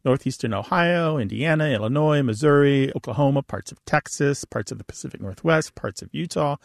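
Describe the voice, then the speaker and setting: A man who is a linguist, explaining to a caller in a lively way and laughing easily. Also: medium pitch, fairly quick, gravelly, no room sound, clean studio sound. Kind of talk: call-in chat, explaining.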